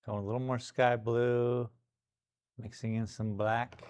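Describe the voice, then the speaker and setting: A man's voice: mid-range voice, unhurried, clean tone. A middle-aged man, chatting casually to his live-stream viewers while he paints in his gallery studio, talking half to himself as he works. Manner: relaxed, talks to himself while working.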